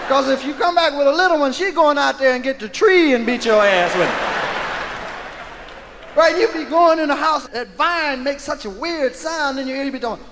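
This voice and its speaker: A man performing live stand-up comedy in a large hall, telling loud animated stories and shouting out character bits. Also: very high-pitched, normal speed. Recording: echoey live concert vinyl with crowd noise. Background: audience laughter and ambience.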